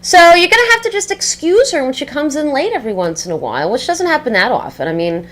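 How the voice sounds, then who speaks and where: An actress plays a catty young woman, a former boss giving a job reference by phone in a scripted comedy monologue. Her voice sits high and sing-song, quick and a bit bright. She sounds mock-sweet, sabotaging her ex-employee with gushing, sweetly sarcastic, backhanded praise.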